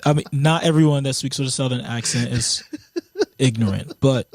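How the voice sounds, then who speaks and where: A young man co-hosting a casual podcast, animated and profane, often laughing. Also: mid-range voice, moderate pace, dry recording. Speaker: podcast co-host. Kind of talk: casual chat.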